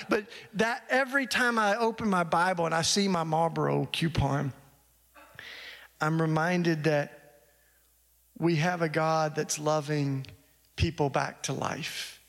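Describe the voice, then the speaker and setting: A man with a fairly high voice tells a story to an audience in a large hall. He talks in an earnest, conversational way with frequent asides. His words trail into a long reverb. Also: vocal fry, a bit bright. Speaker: speaker at a church event. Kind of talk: storytelling talk.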